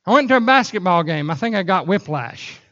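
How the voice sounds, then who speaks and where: A man preaching a sermon in a church, telling animated stories broken up by sudden whoops. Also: high-pitched, brisk, muffled recording. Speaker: pastor. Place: church sanctuary.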